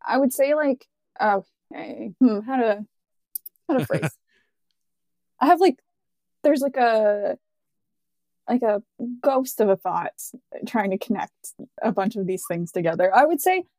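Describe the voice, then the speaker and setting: Chatty young woman, a bit high. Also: animated, unhurried, long pauses, darkish tone, no echo. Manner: chatty, laughing storyteller. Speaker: podcast co-host. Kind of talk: casual chat.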